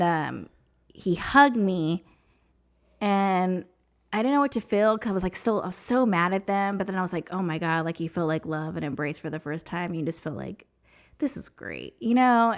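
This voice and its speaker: A woman from New Mexico, guesting on a podcast, tells a personal story emotionally and chattily, sprinkling in lots of "like" and "you know." Her voice is lowish.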